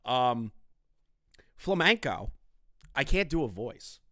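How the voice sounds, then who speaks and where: A man's voice: medium pitch, very animated, slow, bright, forceful tone, dry recording, clean studio sound. A man doing casual live-stream commentary on online drama, crude, profane and mocking in his delivery.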